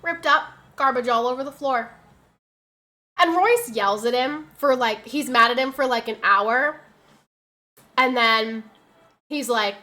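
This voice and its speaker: A woman's voice: fairly high pitch, a little slow, bright, forceful tone. A woman streamer chatting casually with her audience, telling exasperated stories about her pets and reading out messages from chat. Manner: chatty, exasperated storytelling, reads chat aloud.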